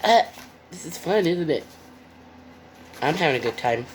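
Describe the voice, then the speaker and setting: A woman's voice: low-pitched, normal speed, a little hiss or hum. A woman reading a picture book aloud with playful, chatty asides to young listeners. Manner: playful, expressive.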